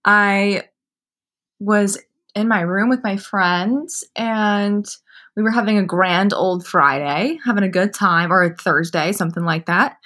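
A woman's voice: medium pitch, a bit bright. A woman in her twenties, a podcast co-host, telling a story in casual chat over drinks, full of "like" and swearing. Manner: chatty storytelling, frequent "like" and swearing.

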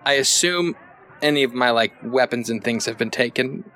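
A man's voice: mid-range voice, moderate pace, pushed and bright. A man playing a tabletop game, describing his character in a hesitant way with many restarts. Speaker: player.

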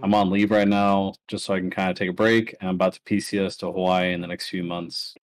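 Low-voiced man telling army stories. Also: level tone, fast. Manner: laid-back, laughs through stories. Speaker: podcast guest, army soldier. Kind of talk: casual storytelling.

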